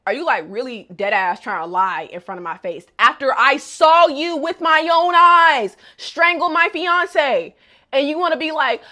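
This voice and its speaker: Sassy, lively young woman vlogger. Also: a little high, moderate pace. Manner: animated, sassy, roasting the characters. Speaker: anime recap vlogger. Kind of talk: casual slangy episode recap.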